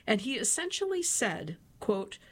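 A woman reading a print interview aloud, voicing both the questions and the answers in a steady read-aloud delivery. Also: a little high, a little slow, a little hiss or hum.

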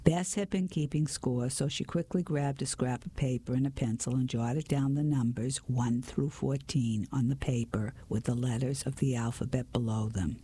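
A reader narrating an audiobook in steady first-person storytelling. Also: medium pitch, normal speed, hardly any pauses, breathy edge. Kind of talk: audiobook reading.

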